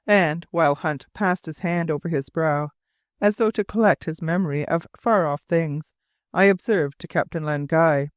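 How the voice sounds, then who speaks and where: A man narrating a classic adventure novel in a measured, formal storytelling manner. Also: fairly high pitch, no room sound, clean studio sound. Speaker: audiobook narrator. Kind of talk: scripted narration.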